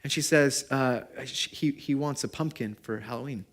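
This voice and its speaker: A man, a pastor preaching a sermon and telling stories, swinging from loud emphasis to quiet, intimate moments. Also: medium pitch, normal speed. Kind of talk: sermon with storytelling. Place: church service.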